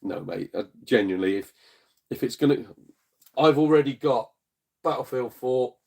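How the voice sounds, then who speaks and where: A man talks straight to his viewers on a casual live stream from home, his voice sitting at a middling pitch. He comes across blunt and jokey, swears now and then, and slips into quick put-on voices to retell back-and-forths. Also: animated, creaky, a little mellow, breathy edge. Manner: chatty, blunt, jokey, swears, puts on voices in retold exchanges. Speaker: streamer and gaming channel host. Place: at home in a front room.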